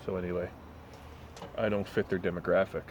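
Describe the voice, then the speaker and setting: Very deep-voiced man ranting, blunt and profane. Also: little pitch movement, brisk, slight background noise. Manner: blunt, swearing, storytelling with mocking voices. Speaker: vlogger. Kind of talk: profane casual rant.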